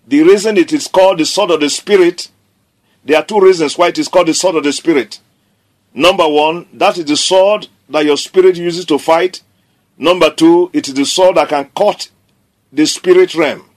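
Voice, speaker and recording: Male preacher, fairly high voice, emphatic declarations, sermon delivery. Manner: emphatic, declaring scripture with repetition.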